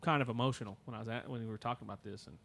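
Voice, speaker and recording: Halting man telling a story on a podcast. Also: medium pitch, fairly even intonation, gravelly, a bit bright. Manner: halting, many fillers and restarts. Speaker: podcast host. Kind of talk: casual storytelling.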